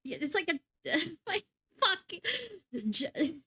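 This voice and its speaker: A woman's voice: high-pitched, lively intonation, slow, bright, forceful tone. A young woman VTuber commenting casually on a game, giggling, swearing and stumbling over words in a sleepy way. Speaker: VTuber streamer.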